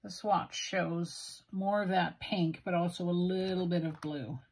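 A woman's voice: lowish voice, fairly even intonation, measured pace, darkish tone, husky. A woman with a Western Canadian accent, musing aloud in a self-deprecating way as she swatches inks. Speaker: stationery video host. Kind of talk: casual narrated ink swatching.

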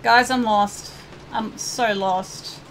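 A woman in a slightly high voice narrates her gameplay in a casual, chatty way to her viewers. She swears freely at the characters on screen. Game sound effects, including cat noises, come through clearly behind her. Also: fairly even intonation, drawn-out words, fairly bright tone, slight background noise. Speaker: let's play gamer.

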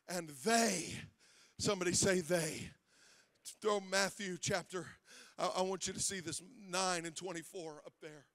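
A male assistant pastor preaching an impassioned sermon, swinging from loud shouts to hushed tones with a sing-song cadence at the peaks. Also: sits high, steady tone, measured pace. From Ohio. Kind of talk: Pentecostal-style preaching sermon. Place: church sanctuary.

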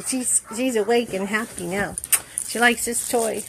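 A woman's voice: a little high, measured pace, creaky, slight background noise. A woman dog breeder filming a puppy on her phone at home, chatting casually and cooing baby talk with frequent laughs.

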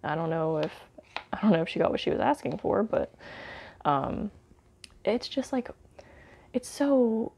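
A woman's voice: low-pitched, creaky, warm tone. A woman casually reviewing a movie, rambling with fillers and wry asides.

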